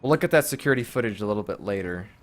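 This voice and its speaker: Man, gameplay commentary, fairly low voice, offhand and wry, muttering through menus. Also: animated, rapid-fire, a little hiss or hum. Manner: offhand, wry, reads menu items aloud half to himself. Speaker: gamer playing through a video game.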